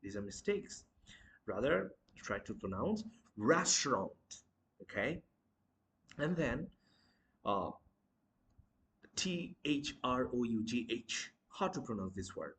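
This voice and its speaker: Slow, lively-voiced male pronunciation teacher. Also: medium pitch, a little hiss or hum. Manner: slow, repeats words, asks questions. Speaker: language teacher. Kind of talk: pronunciation lesson.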